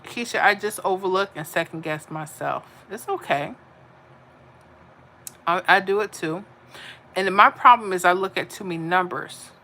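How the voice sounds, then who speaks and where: Woman host, chatty, bright tone, answers chat on her live stream. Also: on the low side, normal speed, pauses often, slight background noise. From Florida. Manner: chatty, reads viewer comments aloud and answers them. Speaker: livestream host reading chat. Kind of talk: casual livestream chat.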